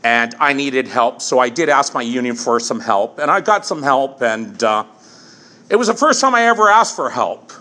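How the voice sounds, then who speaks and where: Candid, lively-voiced man in his fifties. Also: medium pitch. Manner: candid and halting, with frequent restarts and repeated phrases. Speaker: speaker sharing his recovery story. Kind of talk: personal testimony at a recovery meeting. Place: meeting room, speaking from the front.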